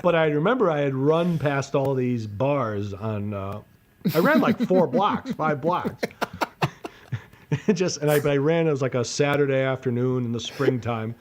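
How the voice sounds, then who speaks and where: A man's voice: mid-range voice, measured pace. A man in his forties tells a rambling story in casual podcast banter. He swears freely, acts out the voices in his story and breaks off sentences to restart them, speaking in an ordinary mid-range voice. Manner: profane, animated storyteller with self-interruptions. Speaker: podcast co-host. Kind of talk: casual storytelling among friends.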